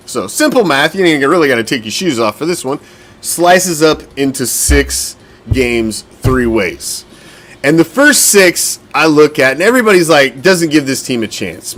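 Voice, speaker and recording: A man's voice: fairly high pitch, sing-song, measured pace, fairly bright tone. A man hosting a football fan show, talking casually, bluntly and with a lot of profanity, and getting winded as he goes. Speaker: podcast host.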